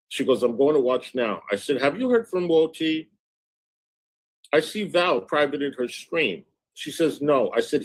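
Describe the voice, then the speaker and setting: A man's voice: medium pitch, rough recording. A man hosting a livestream, telling a story by reading old chat messages aloud. He switches back and forth between "she goes" and "I said" and swaps swear words for "effing" or single letters. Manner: bleeps his own swearing with letters and "effing". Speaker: livestream host.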